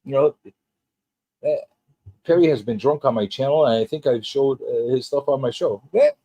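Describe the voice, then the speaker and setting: A man hosting a casual pop culture livestream, teasing his guest and chatting in an animated way. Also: normal speed, breathy edge, no echo. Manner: animated and teasing, jumps between high and low.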